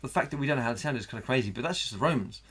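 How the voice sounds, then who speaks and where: A man's voice: mid-range voice, animated, rapid-fire, fairly bright tone, breathy edge. A man co-hosting a casual comedy podcast, chatting playfully and slipping into silly voices. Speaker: podcast co-host.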